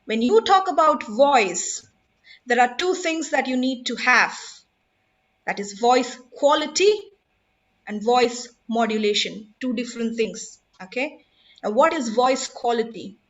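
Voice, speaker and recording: A woman's voice: fairly high pitch, expressive, measured pace, highs cut off. A woman, teaching public speaking in an emphatic, instructive way and putting questions to her audience. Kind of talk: online workshop talk.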